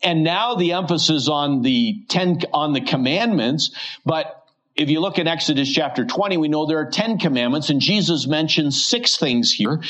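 A man preaching an expository sermon, reading scripture slowly and asking his listeners questions. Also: on the high side, lively intonation, a bit bright, dull audio. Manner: reads scripture slowly and deliberately, asks rhetorical questions.

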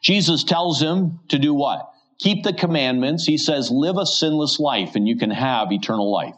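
A man preaching an expository sermon, reading scripture slowly and asking his listeners questions. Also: fairly high pitch, expressive, a bit bright. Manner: reads scripture slowly and deliberately, asks rhetorical questions.

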